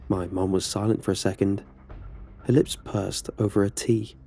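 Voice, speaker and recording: A man's voice: lowish voice, flat delivery, normal speed, vocal fry, mellow, soft background music. A man narrating a horror story in a casual, conversational way.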